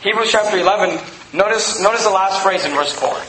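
A man's voice: high voice, a little fast, echoey room, background noise. A man preaching a sermon, emphatic and repetitive, pointing his listeners to Bible verses. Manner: emphatic, repeats phrases, directs listeners to verses. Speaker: pastor.

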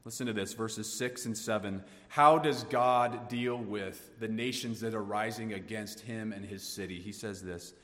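A man preaching a sermon, swinging from hushed tones to emphatic rises. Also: lowish voice, a little slow, few pauses, in a large hall. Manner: dynamic preaching, dropping to hushed tones then rising emphatically. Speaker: pastor.

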